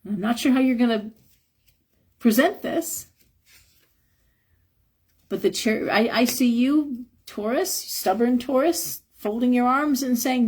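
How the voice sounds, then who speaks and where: Hoarse, gravelly woman giving a tarot reading. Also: fairly high pitch, slow pace, pauses often, darkish tone. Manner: frank, advice-giving, chuckles. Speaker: tarot reader.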